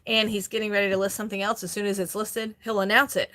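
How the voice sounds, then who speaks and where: A middle-aged woman hosting a casual live stream, chatty and quick to laugh as she reads viewer comments aloud. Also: mid-range voice, flat delivery, background noise. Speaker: host, online reseller.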